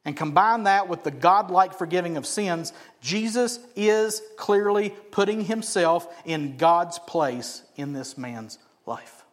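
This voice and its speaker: A man preaching a sermon as pastor, animated and often asking the congregation questions. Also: sits high, slow pace, few pauses. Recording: echoey hall.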